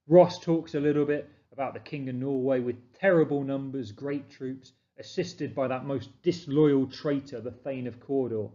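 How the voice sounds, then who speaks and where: A man's voice: medium pitch, warm tone. Guy teaching a revision lesson, emphatic and explanatory, dull lo-fi recording. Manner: explanatory, emphatic, reads quotes slowly.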